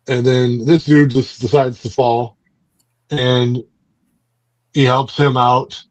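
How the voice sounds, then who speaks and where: A man's voice: mid-range voice, level tone, takes it slowly, pauses often, no echo. A man hosting a book club podcast, casually recapping and reviewing a comic in a rambling way, with many fillers and restarts.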